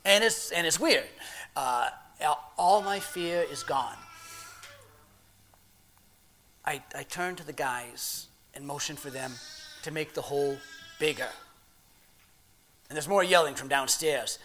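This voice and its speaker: A man performing a dramatic monologue as a plain-spoken married working man, talking in rough everyday grammar with halting restarts, dropping to a hushed murmur and rising to loud, excited telling. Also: on the high side. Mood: awed, tender. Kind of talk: dramatic first-person monologue.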